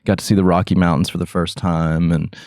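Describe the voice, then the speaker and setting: A man with a very low voice chats on his podcast in a loose, goofy way, laughing through rambling stories. He sounds high and relaxed. The sound is close and dry, with no room around it. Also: brisk, dry recording. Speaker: podcast host. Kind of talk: casual chat.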